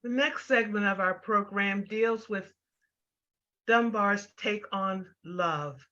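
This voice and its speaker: A woman hosting a program, reading formal introductions in a measured way. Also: medium pitch, bright, forceful tone, muffled recording. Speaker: program host.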